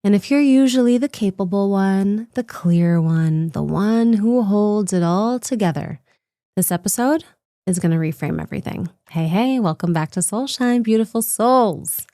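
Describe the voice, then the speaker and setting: Female podcast host, mid-pitched, encouraging coaching talk, dry close recording. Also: expressive, moderate pace, dry recording. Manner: warm, coaching, speaks directly to listener. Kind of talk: reflective self-help podcast talk.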